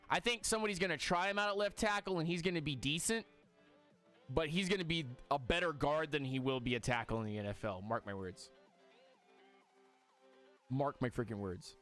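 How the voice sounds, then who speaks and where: A man hosts a casual live stream, reacting out loud and talking straight to his chat. His voice sits high for a man and jumps up and down in lively swings. Faint music plays underneath. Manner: excitable, talks to chat.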